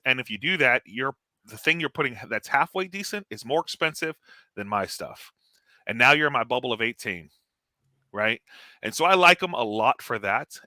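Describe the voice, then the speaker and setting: A man talking tabletop strategy as a guest, animated and blunt, laughing often. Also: medium pitch, dry recording. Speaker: guest tournament player. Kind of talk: casual gaming strategy chat.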